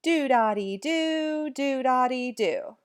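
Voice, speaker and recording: A woman's voice: high voice, expressive, slow pace, smooth. A woman teacher recording a music lesson at home, chanting rhythm syllables and talking straight to the children watching.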